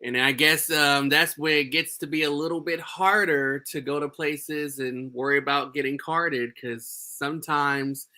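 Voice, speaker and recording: A livestream host interviewing a guest in a lively, giggly, affectionate way. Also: mid-range voice, measured pace, hardly any pauses. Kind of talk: casual interview chat.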